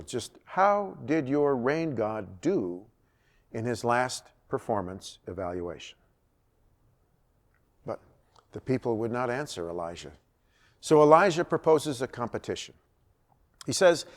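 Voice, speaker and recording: A man leading a church Bible study, retelling a scripture story in a lively storytelling manner. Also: mid-range voice, unhurried, long pauses.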